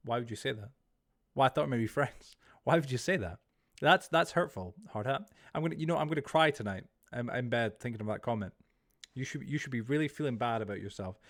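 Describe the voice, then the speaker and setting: A young man chatting casually on a live stream, greeting chat and rambling with many restarts. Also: fairly high pitch.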